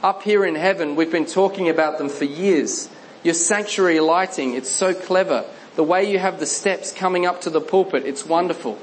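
A man voicing admiring angels in heaven, speaking slowly in a mock-admiring way. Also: a little high, slight background noise, close to an everyday voice, poor audio. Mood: gushing.

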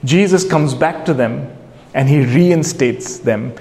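A man's voice: medium pitch, slow, gravelly, darkish tone. A man preaching a sermon, earnestly putting questions straight to his listeners. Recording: long hall reverb.

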